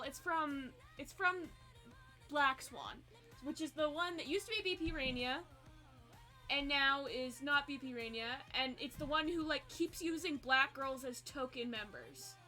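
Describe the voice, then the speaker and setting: A woman in her twenties chatting casually with her live chat as a streamer, swearing, laughing often and saying "like" a lot, with a quiet song playing behind her. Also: high voice. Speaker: livestreamer. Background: quiet pop song playing.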